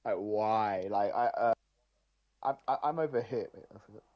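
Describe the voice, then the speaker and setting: A man's voice: lowish voice, moderate pace, muffled recording. Man at a tabletop game, joking. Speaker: player. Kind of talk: casual tabletop play.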